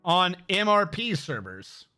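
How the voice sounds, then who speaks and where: A man telling a story on a casual live stream, animated and swearing freely, acting out what others said. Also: sits high, takes it slowly, smooth, soft background music.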